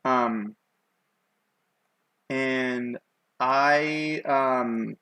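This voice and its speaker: A man's voice: mid-range voice, drawn-out words, bright, forceful tone, smooth, no room sound, low-quality recording. Rambling young man on a dry mic. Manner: rambling, with many "like" fillers and self-mocking asides. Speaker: streamer. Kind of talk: casual storytelling while drawing on a live stream.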